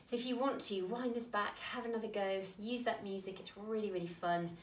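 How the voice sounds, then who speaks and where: A woman's voice: medium pitch, fairly even intonation, fairly quick, a little hiss or hum. A woman teaching a creative dance lesson for young children, talking straight to them in an encouraging way. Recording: echoey room, mic at a distance.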